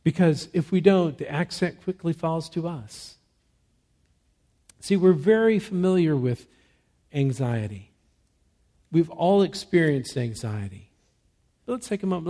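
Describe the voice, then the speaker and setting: A man's voice: fairly high pitch, expressive. Man preaching a dynamic sermon. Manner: swings from soft, slow emphasis to loud, rising exhortation; asks rhetorical questions and answers them. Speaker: pastor.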